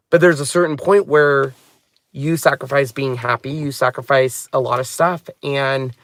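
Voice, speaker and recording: A man's voice: fairly high pitch, a bit bright, no echo. A man hosting a craft channel, chatting casually and heartfeltly from inside a car, often drifting off on tangents. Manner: rambling, heartfelt, wanders off on tangents. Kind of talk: casual vlog chat.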